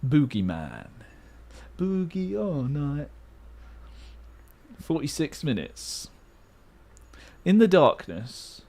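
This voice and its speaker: Animated man hyping a live stream. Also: fairly high pitch, very slow, creaky, long pauses. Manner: hyped play-by-play, like a sports commentator. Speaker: livestreamer. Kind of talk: live game commentary with chat.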